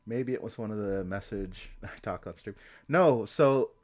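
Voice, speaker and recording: A man with a fairly low voice rambles on a live stream. He thinks out loud, drops casual swear words and keeps circling back and restarting his sentences. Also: fairly even intonation, moderate pace. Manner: meandering, swears often, trails off and restarts.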